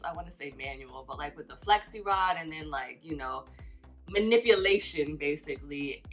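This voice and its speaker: Low-voiced woman vlogger, chatty. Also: fairly bright tone. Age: 30s. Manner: chatty, fills every phrase with "like". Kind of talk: casual confessional storytelling.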